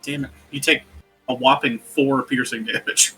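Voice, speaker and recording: A man's voice: medium pitch, fairly even intonation, normal speed, music in the background. A man running a live tabletop game as game master, making blunt rulings with casual swearing and jokes.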